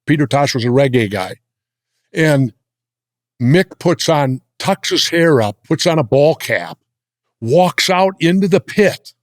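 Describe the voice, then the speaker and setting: An older American man telling blunt, gruff stories in a sit-down interview. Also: medium pitch, no room sound, clean studio sound. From United States. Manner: gruff, blunt anecdotal storytelling. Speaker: interview guest. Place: indoor interview set.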